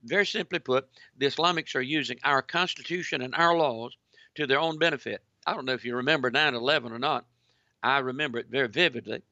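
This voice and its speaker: A man hosting a call-in radio show, delivering a preachy, emphatic monologue that keeps returning to "ladies and gentlemen". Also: medium pitch, fast talker, dry recording, dull audio. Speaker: radio talk show host.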